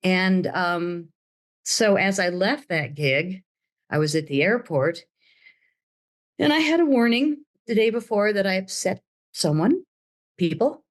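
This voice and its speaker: A woman's voice: mid-range voice, lively intonation, a little slow, pauses often. An older woman telling her story as an interview guest, dramatic and acting out the voices of others. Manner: dramatic, acts out quoted voices.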